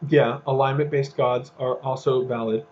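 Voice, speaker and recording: A man co-hosts a casual talk, working his ideas out as he speaks, full of restarts and fillers. His recording sounds dull and lo-fi, with a middling pitch. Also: steady tone, normal speed, slight background noise. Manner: rambling, thinks aloud with fillers and restarts. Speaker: podcast co-host. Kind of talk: casual discussion.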